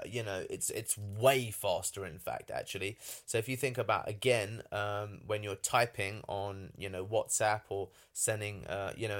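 Give me a man talking casually, slightly low voice, rambling and enthusiastic. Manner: rambling, with many fillers and restarts; enthusiastic, swears for emphasis. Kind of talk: casual monologue.

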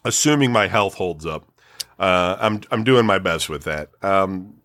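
Low-voiced rambling man in his forties. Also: expressive, unhurried, a bit bright. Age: 40s. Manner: rambling, frank, swears freely, many fillers. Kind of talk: casual chat.

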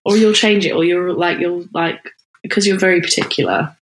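A woman's voice: lowish voice, steady tone, fairly quick, a little hiss or hum. A woman co-hosting a podcast, chatting in an easygoing, agreeable way with rambling replies. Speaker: podcast co-host. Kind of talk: casual chat. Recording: roomy echo.

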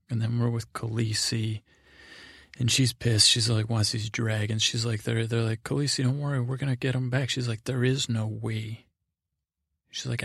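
A man's voice: mid-range voice, creaky, no room sound, studio quality. A middle-aged man meandering through a rambling sleep-aid recap as a podcast host, full of fillers and asides.

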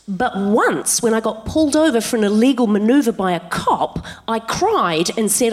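A woman's voice: a little high, moderate pace, hardly any pauses. A woman in her thirties, a podcast co-host telling a comic story live on stage, laughing as she goes. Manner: animated, laughing through her own story. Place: live stage in front of an audience.

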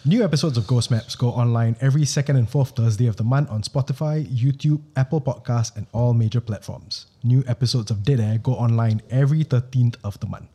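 A man's voice: medium pitch, brisk, few pauses, breathy edge. A man hosting a podcast, reading a scripted announcement in a formal newsreader voice. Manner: even, formal announcer delivery. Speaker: podcast host. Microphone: studio podcast mic.

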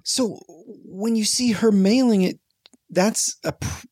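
Low-key man with dry quips. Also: slow pace, darkish tone, no room sound. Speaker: podcast co-host. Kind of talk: casual film review chat.

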